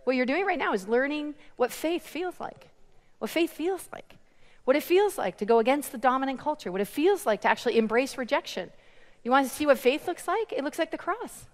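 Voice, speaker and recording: A woman preaching a sermon, telling a story with animated quoted voices and laughter between lines. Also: high voice, brisk, big-room sound.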